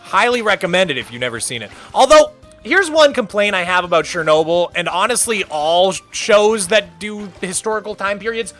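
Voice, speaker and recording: A man in his thirties with a high, lively voice rambles through casual live-stream chat, peppering everything with "like". His tone is bright and a little sharp, with faint game music under him. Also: normal speed. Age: 30s. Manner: rambling, animated, full of "like" fillers.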